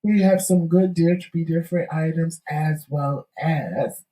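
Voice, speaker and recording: A man's voice: a little high, steady tone, unhurried, mellow. A man co-hosting a casual talk show who retells events in a dramatic, exaggerated way. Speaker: co-host. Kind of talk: casual chat. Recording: echoey room, off-mic.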